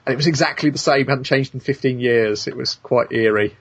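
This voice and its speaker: Husky-voiced man, dry podcast host. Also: mid-range voice, brisk. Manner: dry, wry humour with many ums and uhs. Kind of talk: casual chat.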